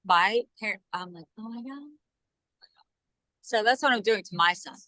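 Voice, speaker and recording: A woman's voice: mid-range voice, brisk, dry recording, rough recording. A woman in her forties telling family stories as a podcast guest, acting out the quotes as she goes. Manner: animated storyteller, acts out quotes. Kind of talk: casual podcast chat.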